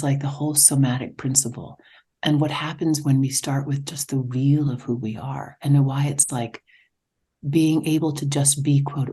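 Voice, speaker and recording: Female guest, workshop leader, very low husky voice, reflective, slips into whispers. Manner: soft-spoken and reflective, often drops to a whisper. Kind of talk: casual conversation.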